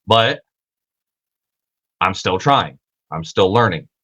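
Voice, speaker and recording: Young man, casual livestream host, rambling, cursing, filler words, lowish pitch, bright edgy tone. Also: expressive, slow pace. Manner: rambling, profane, self-correcting, repeats fillers. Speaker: podcast host.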